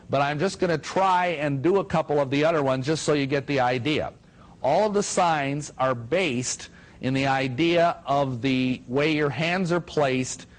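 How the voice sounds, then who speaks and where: This is a poorly recorded lecture by a middle-aged man whose voice runs on the high side. He entertains the audience with storytelling, acted-out quotes, and a steady stream of jokes, all in an animated manner.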